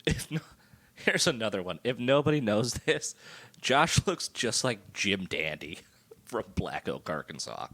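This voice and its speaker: A man co-hosting a podcast in casual chat, often halting and restarting his sentences. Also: on the low side, big pitch swings, fairly bright tone. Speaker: podcast co-host.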